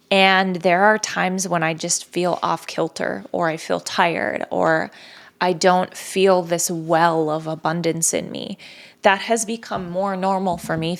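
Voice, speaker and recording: A woman's voice: on the low side, vocal fry. A woman hosting a podcast alone, talking in an earnest, reflective way that sometimes drops to a near-whisper. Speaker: podcast host. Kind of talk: reflective solo podcast talk.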